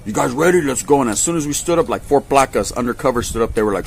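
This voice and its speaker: A man's voice: mid-range voice, fast, vocal fry, few pauses, slight background noise. A man tells a story from his past in casual slang, swearing often and acting out other people's voices. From California. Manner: animated, acts out voices, swears a lot.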